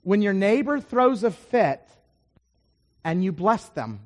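High-voiced animated male preacher. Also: slow pace, in a large hall. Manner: animated storytelling, swings between loud emphasis and quiet asides. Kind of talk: sermon.

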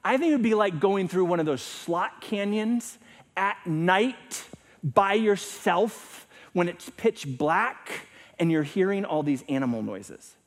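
A middle-aged male pastor preaching a sermon, swinging between loud emphasis and hushed, near-whispered lines. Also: high-pitched, animated, slow pace.

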